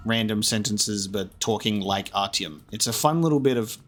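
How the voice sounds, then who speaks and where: A man's voice: on the low side, normal speed, fairly bright tone. A man giving casual, jokey commentary as he plays through a video game, chatting to himself as he goes. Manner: chatty, jokey, talks to himself while playing. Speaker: gaming streamer.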